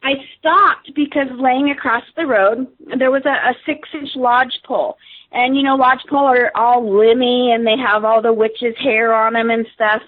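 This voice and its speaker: A woman's voice: on the high side, steady tone, normal speed. A woman, a radio guest, telling a story casually with many fillers and restarts. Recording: tinny phone line.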